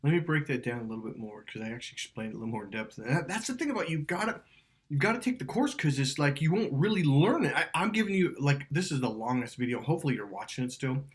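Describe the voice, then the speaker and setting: A man's voice: mid-range voice, sing-song, fast talker. A man coaching on dating, talking emphatically, swearing and acting out quotes. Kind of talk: animated coaching talk.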